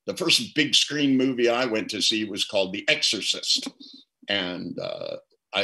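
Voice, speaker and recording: Speaking as a guest therapist, an older man tells reflective stories in an interview answer, repeating words often as he launches into a thought. His voice is on the low side, pushed and bright, and the recording is rough.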